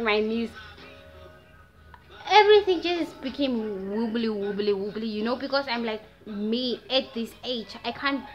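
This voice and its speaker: A nineteen-year-old woman from Namibia with a Namibian accent, telling a story in a casual, animated vlog and slipping into Afrikaans slang. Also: fairly high pitch. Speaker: vlogger. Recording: dull lo-fi sound with faint music.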